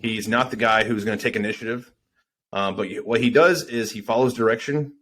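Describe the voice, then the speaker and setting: A man's voice: on the low side, brisk, fairly bright tone, a little hiss or hum. A man talking casually on a business podcast, rambling with fillers and swearing.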